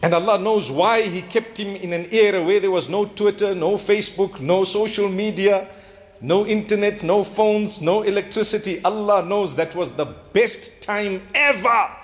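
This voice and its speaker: A man's voice: sits high, normal speed. A man speaking as an imam on a radio talk, earnest and reflective, asking rhetorical questions.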